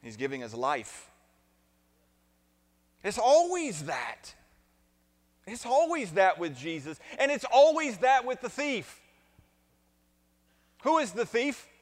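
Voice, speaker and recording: A man with a somewhat high voice preaches a sermon at an unhurried, deliberate pace. He builds from measured reading to emphatic, questioning points and pulls the congregation into repeating lines with him. His voice rings out with the long reverb of a large hall. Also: wildly swooping pitch. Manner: asks the congregation to repeat and answer. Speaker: pastor.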